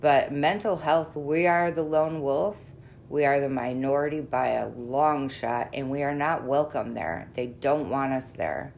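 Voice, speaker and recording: A middle-aged woman therapist with a very deep voice talks openly and bluntly, swearing casually and laughing easily. She sounds candid and unguarded in a relaxed conversational interview. A faint rumble sits under the recording. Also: measured pace, vocal fry. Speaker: therapist working with sex offenders.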